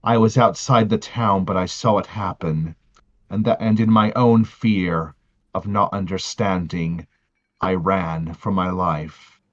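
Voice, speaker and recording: A man playing his character in a tabletop game, speaking earnestly and haltingly, often restarting his sentences. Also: sits low, fairly even intonation, dull audio. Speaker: player.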